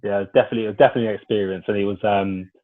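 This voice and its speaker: A man, a former footballer being interviewed, telling lively stories and acting out what others said to him. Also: lowish voice, racing. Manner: lively anecdotal storyteller, acts out dialogue. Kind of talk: casual storytelling interview. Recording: tinny phone-like line.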